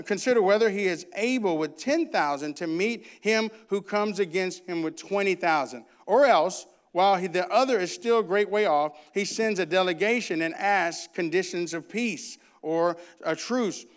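High-voiced emphatic preacher man. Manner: emphatic preaching, swinging between loud bursts and hushed asides; humorous, conversational storytelling. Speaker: pastor. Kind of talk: sermon with scripture reading.

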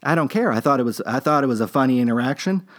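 A man's voice: medium pitch, expressive, fast. A man hosting a podcast, telling a story in a rambling, laid-back way with many fillers and restarts. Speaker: podcast host. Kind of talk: casual storytelling monologue.

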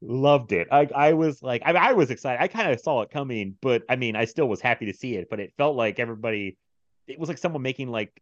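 A man's voice: medium pitch, expressive, fast talker, no echo, highs cut off. A man hosting a casual movie podcast, chatty and laughing often. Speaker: podcast host.

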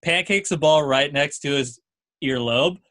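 A young man hosting a casual chat, telling a lively story and checking in with "right?" and "dude". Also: on the high side, a little slow.

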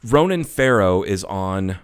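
Low-voiced guy cohosting a podcast, smooth clear voice, swears a lot, laughs a bunch. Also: slow pace. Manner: swears freely, laughs often, animated storytelling. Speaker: podcast co-host. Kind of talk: casual chat.

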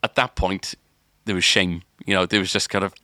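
A male podcast co-host with a low, pushed, bright voice speaks a little fast with fairly even intonation. His long, casual story meanders, packed with filler and restarts, and the dry recording has clean studio sound.

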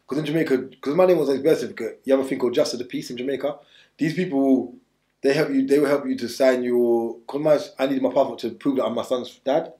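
A man's voice: mid-range voice, mellow, echoey room. A man telling his story bluntly in street slang during an interview, rambling and restarting as he goes. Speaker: interview guest.

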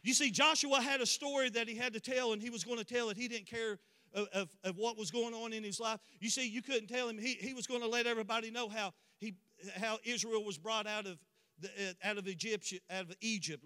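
Male preacher, fervent sermon delivery, high bright voice, long church-hall reverb. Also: fairly even intonation, brisk, clear, resonant tone. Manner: impassioned, building to emphatic declarations. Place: church sanctuary.

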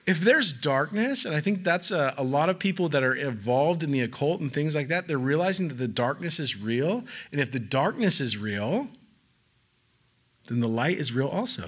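A male preacher with a slightly higher voice than most men. He preaches in a loose, conversational way, slipping in jokes and acting out the voices of the people he quotes. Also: a bit bright. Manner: conversational, joking asides, acts out quoted voices. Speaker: pastor. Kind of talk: sermon.

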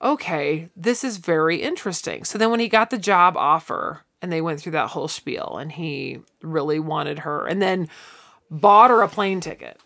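A woman's voice: sits low, animated, normal speed, gravelly, fairly bright tone. A woman co-hosting a podcast in casual chat, retelling scenes animatedly and acting out quotes. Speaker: podcast co-host.

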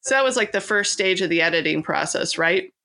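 A Californian woman, an author appearing as a podcast guest, chats casually in an interview and laughs often. Her voice is fairly low with a sharp tone and lively intonation, a little fast, and full of fillers and restarts.

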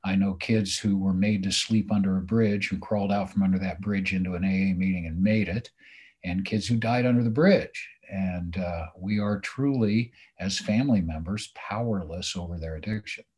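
A man in recovery telling his story as a guest, speaking earnestly in a measured way. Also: sits low, steady tone, a little mellow, breathy edge. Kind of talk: recovery conversation.

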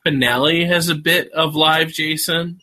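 A man co-hosts a casual podcast, with a slightly high voice and a bright, forceful tone. He jumps into the talk eagerly, with a wry edge. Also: fairly even intonation, moderate pace. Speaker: podcast co-host.

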